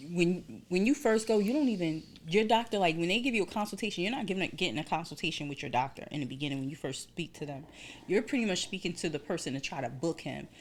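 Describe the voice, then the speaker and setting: Lively woman co-host telling a story. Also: lowish voice, a little hiss or hum. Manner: animated storytelling, acts out voices in quotes. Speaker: podcast co-host. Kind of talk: casual chat.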